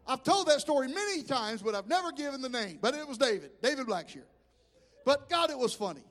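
A high-pitched Southern preacher from Alabama tells his sermon stories in an animated way, stumbling over restarts. His voice rings out with a long church-hall reverb. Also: brisk. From Mobile, Alabama. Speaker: pastor. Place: church sanctuary.

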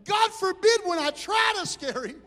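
A man preaching a sermon as pastor, telling animated stories. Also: very high-pitched, moderate pace. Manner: animated storytelling with shouted impressions. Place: church hall. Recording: hall reverb.

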